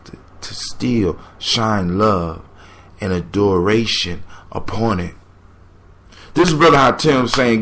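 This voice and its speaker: A man's voice: fairly low pitch, slow pace, fairly bright tone. A man hosting a podcast, giving motivational commentary on a folk tale with preachy, emphatic repetition. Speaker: podcast host.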